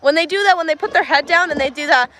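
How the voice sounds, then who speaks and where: Woman, livestream host, casual farm chat, high voice, slight background noise, phone mic. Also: fast, sharp tone. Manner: chatty, laughs often, talks to animals and viewers. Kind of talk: casual live chat while doing farm chores. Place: farmyard and barn with cows. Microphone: handheld phone.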